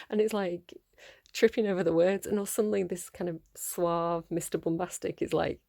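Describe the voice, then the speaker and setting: A woman's voice: mid-range voice, fairly even intonation, normal speed, gravelly, mellow. A woman giving a casual tarot reading at home, rambling, laughing often and tripping over her words. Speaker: tarot reader.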